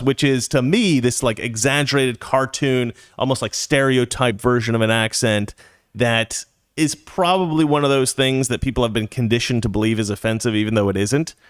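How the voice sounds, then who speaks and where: A man hosting a show, telling a story in a casual, chatty way with jokey asides. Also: mid-range voice. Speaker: podcast host.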